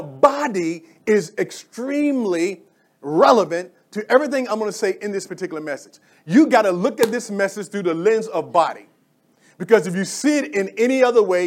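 High-voiced excitable preacher. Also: male voice. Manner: call-and-response preaching, energetic and excitable. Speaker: pastor. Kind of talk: sermon.

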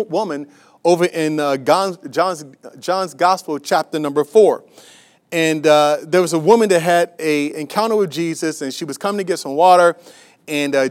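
A pastor with a notably high voice preaches a sermon to his congregation. He is emphatic and repetitive, with many restarts and fillers, and he keeps putting rhetorical questions to the church.

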